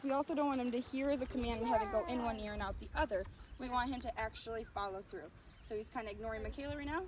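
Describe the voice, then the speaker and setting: A woman dog trainer explaining a recall game in brisk, explanatory talk. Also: on the high side. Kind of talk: instructional explanation. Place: outdoors. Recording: outdoor from a distance, crowd noise.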